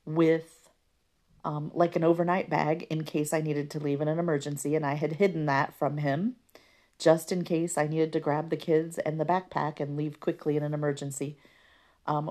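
A woman hosting a podcast, telling a personal story in a hesitant way with many pauses and ums. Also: low voice, a little mellow. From American Midwest. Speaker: podcast host.

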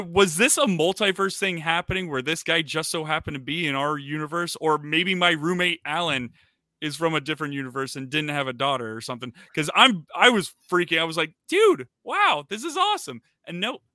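A man co-hosting a relaxed chat show, sharing stories in an animated way and laughing often. His voice sits a little high and has a bright, forceful edge. The sound is dry and close. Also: fairly quick, no room sound. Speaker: podcast co-host. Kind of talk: casual chat.

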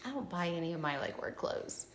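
A woman's voice: on the low side, very animated, brisk, slight background noise. A woman hosting a podcast, telling stories in casual chat and filling her speech with "like". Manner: chatty storyteller, fills speech with "like". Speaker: podcast host. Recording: echoey room.

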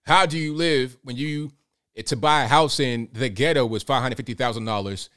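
A man hosts a loose, casual commentary stream at an ordinary, middle-of-the-road pitch. He rambles from point to point, wanders off on tangents and speaks straight to his viewers. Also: moderate pace, a bit bright, clear, resonant tone. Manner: rambling, digressive, addresses viewers directly. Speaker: livestream host.

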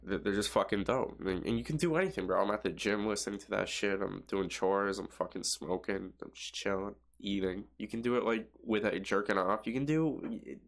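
A young man with a fairly low voice rambles through a casual podcast monologue. He swears freely and keeps stopping to restart his sentences, padding them with fillers. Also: brisk, vocal fry, hardly any pauses, a bit bright. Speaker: podcast host.

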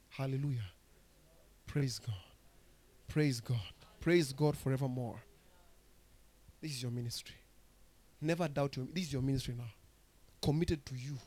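Preaching with a Kenyan accent, this pastor delivers a sermon in which he questions the congregation. His delivery shifts from soft, low stretches to loud exhortation that builds and rises.

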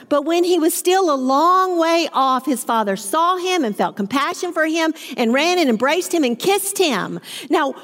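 A woman with a high, clear voice leads a women's Bible study. She reads passages aloud and drives each point home with earnest repetition. A long reverb trails behind her words. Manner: reads scripture aloud, then explains it with emphatic repetition. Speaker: Bible teacher.

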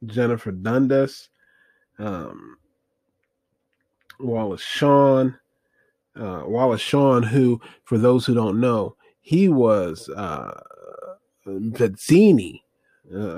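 A man's voice: lowish voice, dark tone, breathy edge, dry recording. Guy rambling about a movie, lots of ums and uhs, checking stuff as he goes, dead dry room. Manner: rambling, hesitant, many fillers, looking things up as he talks. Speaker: movie reviewer. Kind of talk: casual movie review monologue.

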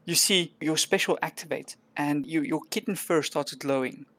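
Low-voiced woman game master, dry sound. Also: normal speed, fairly bright tone, no room sound. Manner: descriptive, with many "like" fillers. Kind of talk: narrating a tabletop role-play game.

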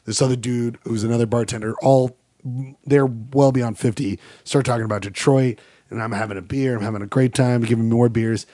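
A young podcast co-host from Salt Lake City, Utah, tells stories in a casual chat, laughing often and acting out quotes in put-on voices with plenty of animation. His medium-pitched voice is fairly quick, with studio quality and no room sound.

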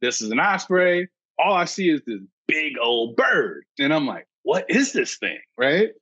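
A man, a birding educator and podcast guest, telling an excitable story and acting out his own past thoughts. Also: fairly high pitch, moderate pace, dry recording, dull audio. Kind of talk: animated storytelling.

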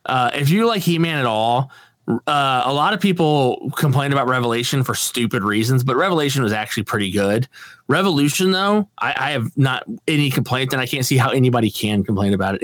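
A man's voice: medium pitch, lively intonation, fairly quick, dry recording, clean studio sound. A man co-hosting a podcast in casual chat, laid-back and swearing casually, laughing often. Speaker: podcast co-host.

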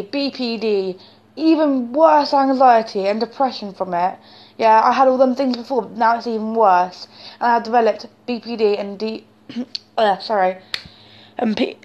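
Young woman with a high voice, venting to camera, fierce and emphatic, keeps tagging "yeah?" on her points. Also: darkish tone, muffled recording. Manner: intense, emphatic, swearing, with many "yeah?" tag questions. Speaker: vlogger. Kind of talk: emotional personal monologue.

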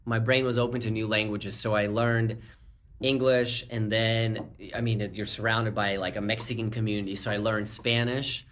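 His voice sits fairly low and he talks at a normal speed, with a faint hiss or hum in the background. The forties-aged executive guest was born in Ukraine, grew up speaking Russian, and now sounds American. He's easygoing in this casual interview, chuckling often and using lots of fillers.

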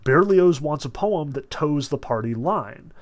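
A man's voice: a little high, expressive, measured pace. A man giving a casual literature lecture, often saying "notice" and "like" and reading passages from a novel aloud. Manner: chatty, lots of "like" and "notice", reads passages aloud.

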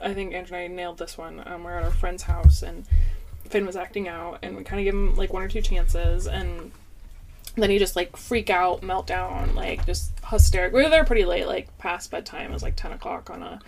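A young woman in casual chat, telling a parenting story in a lively way and acting out what people said. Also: on the low side, a little fast, faint music behind. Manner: animated storyteller, acts out quotes. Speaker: parent sharing stories.

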